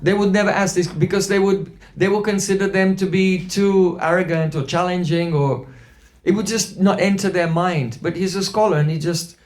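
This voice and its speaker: A man's voice: sits high, fairly even intonation, normal speed, hardly any pauses. A man giving a spiritual talk through anecdotes, with rhetorical asides and quoted voices. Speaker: spiritual teacher. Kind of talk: storytelling sermon.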